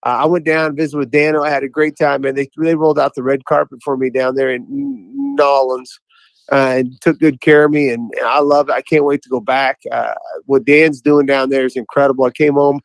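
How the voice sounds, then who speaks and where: A gravelly, medium-pitched man speaks briskly as a podcast caller, telling a rambling, enthusiastic story full of restarts in casual conversation. The recording is rough, with no room sound.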